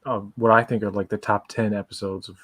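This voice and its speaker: A man's voice: fairly low pitch, flat delivery, a little fast, fairly bright tone, husky, dry recording. A man in a casual fan commentary podcast, asking questions and sharing his opinions. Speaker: podcast co-host.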